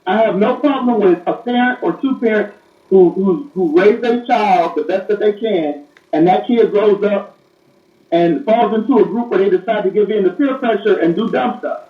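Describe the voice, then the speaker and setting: A man speaking as a police officer guest in a casual, plain-spoken interview over a remote connection. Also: high voice. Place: remote call from elsewhere. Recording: roomy, distant, dull remote audio.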